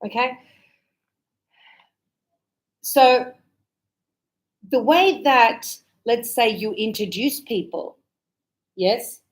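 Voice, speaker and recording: A woman's voice: a little high, extremely slow, pauses often. An Australian woman teaching English, chatty, acting out short example dialogues to explain everyday phrases. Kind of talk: online English lesson.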